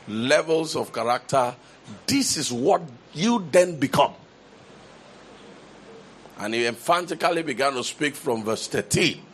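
A man's voice: medium pitch, a bit bright. A man preaching a sermon, building to emphatic repeated declarations and often restarting his phrases. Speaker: pastor.

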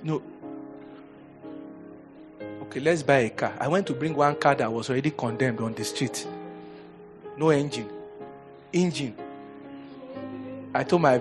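A middle-aged man with a Nigerian English accent preaching a sermon as pastor, moving between loud exhortation and quiet storytelling, laughing often. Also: medium pitch, unhurried, pauses often, over music.

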